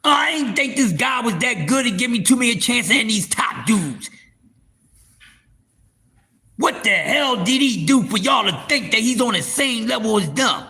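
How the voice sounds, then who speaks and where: Man on a live stream, fired-up boxing rant, high gravelly voice, bright and lively, talks to y'all. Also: measured pace, soft background music. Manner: heated, profane, repeats words for emphasis; speaks straight to the viewers as y'all.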